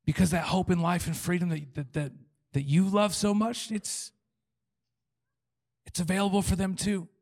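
A man's voice: sits high, fairly even intonation, normal speed, creaky, pauses often, darkish tone. A man preaching a sermon as pastor, joking and acting out imagined prayers and God's replies. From Canada. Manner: humorous, acts out prayers and replies in quoted voices.

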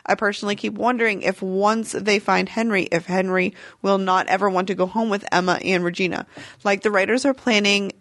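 A woman's voice: mid-range voice, fairly even intonation, brisk, fairly bright tone, no echo. A woman co-hosting a fan podcast, bubbly and teasing, reading listener mail and laughing often. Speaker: podcast co-host. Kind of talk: casual fan podcast chat.

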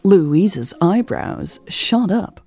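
A woman narrating a romance audiobook in a measured, scripted reading. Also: lowish voice, big pitch swings, a little mellow, faint music behind.

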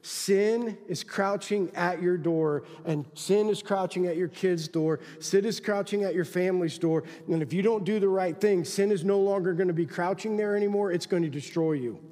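A man preaching in a church with a high, ringing voice. He drives his points hard, then drops to quiet asides, and the sound trails off in the long reverb of a big hall. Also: moderate pace, few pauses. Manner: emphatic, swings from loud exhortation to quiet asides. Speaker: pastor. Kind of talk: sermon.

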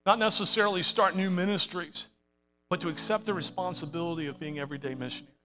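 Over music, a middle-aged pastor delivers an impassioned sermon, his voice high-pitched and quick. Speaking in a church sanctuary with the congregation present, he builds up to emphatic calls to the people before him.

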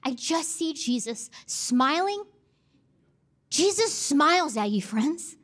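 A woman's voice: high-pitched, big pitch swings, takes it slowly, fairly bright tone. A woman pastor preaching a sermon, emphatic and repeating key phrases for effect.

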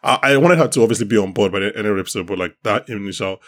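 A man with a lowish voice hosts a casual podcast chat. He rambles and restarts his sentences often, thinking aloud as he goes. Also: racing, a bit bright. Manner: rambling, hesitant, with many restarts. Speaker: podcast host. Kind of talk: casual chat about a TV show.

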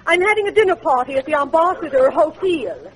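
A woman's voice: sits high, sing-song, brisk, noisy background. A woman acting an affected, glamorous movie actress in a 1940s radio comedy, with an airy put-on manner. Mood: sultry. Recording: live radio broadcast with audience.

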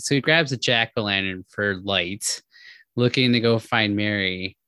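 A man co-hosting a podcast, recapping a horror novel in a casual, animated way with lots of asides and restarts. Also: mid-range voice, slow, no echo. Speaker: podcast co-host. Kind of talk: casual book discussion.

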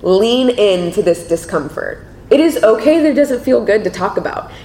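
A woman speaking to an audience in a lively, conversational way, telling stories with laughter. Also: normal speed. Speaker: panel speaker. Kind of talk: conversational talk with anecdotes. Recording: echoey room with faint rumble.

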